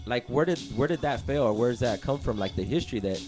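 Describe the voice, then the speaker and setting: A man's voice: mid-range voice, animated, quick pace, a little mellow. A man hosting an internet radio show, tossing out loose, slang-filled questions full of "you know what I'm saying". His voice sits mid-range. Faint music runs underneath. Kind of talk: casual street interview.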